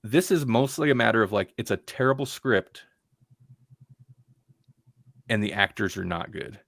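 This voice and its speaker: In this clip the same sort of podcast co-host rambles through a film review, frequently starting over and mimicking actors in dull voices for laughs. His pitch sits on the low side, his tone is fairly bright, his pace moderate, and there's no echo.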